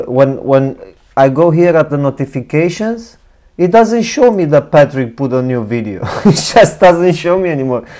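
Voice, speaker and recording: A man's voice: a little high, dark tone. A middle-aged man with a non-native accent, hosting a casual reaction show, chatty and profane, laughing often. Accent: non-native English. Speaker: host reacting to a video.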